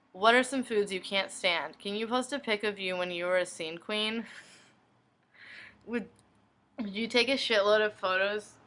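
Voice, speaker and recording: Bright-voiced young woman, deadpan reading. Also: medium pitch, low-quality recording. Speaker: video blogger reading fan questions. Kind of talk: reading inbox messages aloud.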